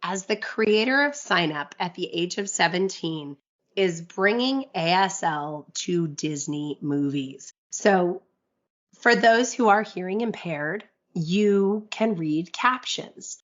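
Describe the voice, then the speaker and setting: A woman in her thirties co-hosting a podcast in casual chat, a little husky from a cold, chatty and upbeat. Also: lowish voice, animated, takes it slowly, muffled recording. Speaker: podcast co-host.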